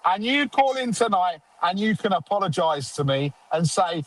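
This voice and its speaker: Sarcastic high-voiced fan host. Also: male voice, sing-song, normal speed, hardly any pauses, fairly bright tone, low-quality recording. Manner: sarcastic, mocking, grumbling. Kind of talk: casual football fan chat.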